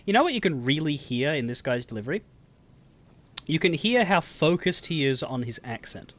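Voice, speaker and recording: A man's voice: fairly high pitch, very animated, moderate pace. A man live-streaming a game, commenting casually in a rambling, self-interrupting way.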